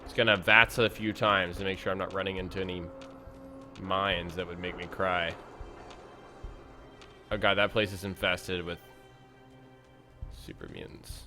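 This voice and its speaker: Male let's-play commentator, low voice, loose and self-mocking, thinking out loud. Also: steady tone, a little slow, pauses often, soft background music. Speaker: gameplay commentator.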